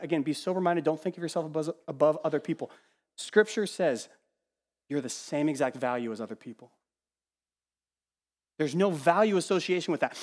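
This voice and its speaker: A fairly high-voiced man preaching in a church, his words trailing into a long hall reverb. He swings from loud, lively emphasis to near-whispered asides and slips into little voices for the people he quotes. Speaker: pastor. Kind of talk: sermon. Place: church sanctuary.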